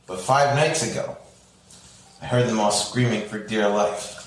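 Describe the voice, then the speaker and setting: A man hosting a podcast, telling a story in casual chat and acting out the voices with big swings in pitch. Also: measured pace, far from the mic, crowd noise. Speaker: podcast host. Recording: roomy and off-mic.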